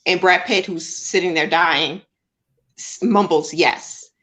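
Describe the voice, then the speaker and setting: A woman's voice: lowish voice, steady tone, a little slow, fairly bright tone. A woman co-hosting a casual film review chat, talking in chatty, enthusiastic bursts.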